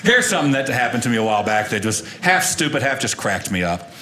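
A man performing a stand-up comedy routine, telling a story in a folksy, animated way. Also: mid-range voice, fast, slight background noise.

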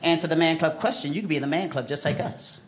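A middle-aged man doing a stand-up comedy set on a club stage, working the crowd with lively, animated delivery while fighting off a cold. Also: fairly high pitch, fast. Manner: animated crowd work with character voices. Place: comedy club stage before a live audience. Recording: live club recording with loud crowd noise.

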